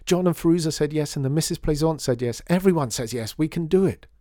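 A man reading a storybook voices an eager little girl who talks loudly and insistently. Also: mid-range voice, brisk, no room sound, studio quality, voice pushed up, natural voice. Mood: excited. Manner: loud, breathless excitement.

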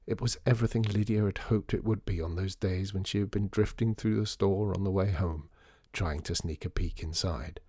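A man narrating a storybook in an expressive, lively reading. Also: low voice, normal speed, few pauses, breathy edge, no echo, studio quality.

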